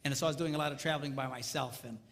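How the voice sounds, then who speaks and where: Speaking rapid-fire in a gravelly, mid-range voice, the middle-aged man entertains a live audience at his comedic marriage seminar. His stories are animated, punctuated by acted-out voices and noises. Faint noise hangs in the reverberant hall.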